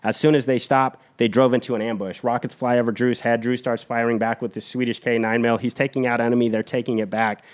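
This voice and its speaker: A man on a podcast retelling a war story in an energetic, blunt, profane way. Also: medium pitch, fast, few pauses.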